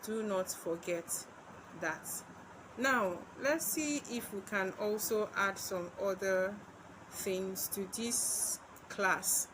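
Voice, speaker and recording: A woman with a Nigerian English accent teaches an exam-prep literature class at an unhurried, deliberate pace. She repeats each point and keeps checking in with her students. A faint hum of room ambience sits behind her voice. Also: medium pitch. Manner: slow, repetitive, checks in with "okay?".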